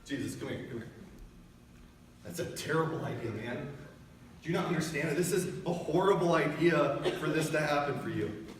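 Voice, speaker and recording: A man's voice: a little high, normal speed, noisy background, lightly acted. A man voicing the apostle Peter as a blunt, bold man pulling a friend aside to plead with him. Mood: urging. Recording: echoey church hall from far off.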